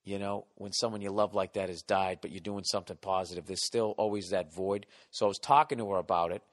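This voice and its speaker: A man's voice: low-pitched, quick pace. Swearing storyteller man, reverb-washed. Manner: animated, swearing, mock-ranting. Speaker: podcast host. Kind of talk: profane comic storytelling.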